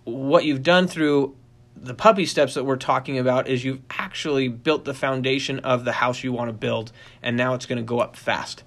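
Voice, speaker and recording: A middle-aged man giving a casual talk on dog training. He tells stories with energy, often restarts his sentences and uses many fillers. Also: moderate pace. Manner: animated storyteller, acts out quoted voices in a high pitch; rambling with frequent restarts and fillers.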